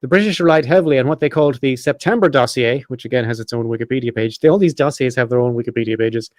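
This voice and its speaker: Fast-talking man hosting a podcast. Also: medium pitch, a little mellow, no room sound, studio quality. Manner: casual and profane, quick asides. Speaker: podcast host. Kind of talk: casual podcast chat, reading notes.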